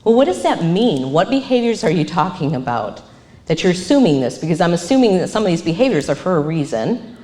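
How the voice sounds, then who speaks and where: A woman counselor gives a live presentation in a lowish voice, speaking a little fast. She's animated and acts out the phrases she quotes, and the room is echoey.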